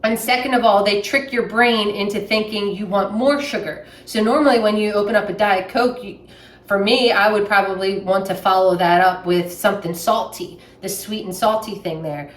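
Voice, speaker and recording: A woman's voice: mid-range voice, fairly even intonation, normal speed. A young woman with a Southern US accent, chatting plainly while she makes a sandwich in her kitchen. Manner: chatty, plainspoken, with many fillers. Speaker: vlogger. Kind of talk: casual chat while making a sandwich. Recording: echoey room, mic at a distance.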